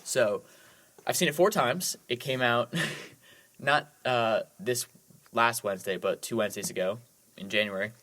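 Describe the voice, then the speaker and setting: A man's voice: mid-range voice, unhurried, pushed and bright. A man co-hosting a movie podcast, chatting casually and eagerly with lots of "like"s as he recaps films. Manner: enthusiastic, rambling with many "like"s. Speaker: podcast co-host.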